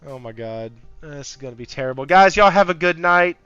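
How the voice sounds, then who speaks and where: A man hosting a casual gaming podcast, talking in an amped-up, high-energy way and swearing freely. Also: animated, fairly quick, fairly bright tone, clean tone, no echo. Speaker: podcast host. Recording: slightly muffled audio with faint background music.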